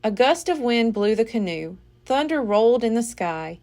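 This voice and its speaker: A woman reading a children's book aloud as a library storyteller, with an expressive, dramatic delivery. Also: on the high side, moderate pace.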